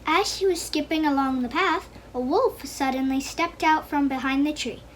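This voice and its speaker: A woman reads a children's story aloud in a high voice. She makes small slips now and then as she reads. There is faint noise behind her. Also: moderate pace, rough recording.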